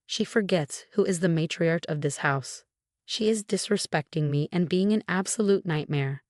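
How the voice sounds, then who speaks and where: A domineering older mother-in-law, indignant and self-pitying, as a woman reads her lines. The voice sits low and sounds dry and close, with no room around it. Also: moderate pace, no room sound, lightly acted. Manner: indignant, complaining.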